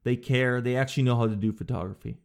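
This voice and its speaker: Casting: young male host, comic monologue, jumps between high clerk impressions and a low flat deadpan. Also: vocal fry. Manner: animated storytelling, acting out clerks in a high voice; drops low and slow to demonstrate a flat no. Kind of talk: comedic monologue.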